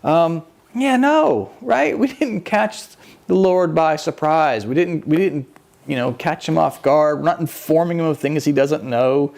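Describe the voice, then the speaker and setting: A man giving a conversational, animated sermon as a church minister, with self-mocking humor. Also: a little high, measured pace, vocal fry.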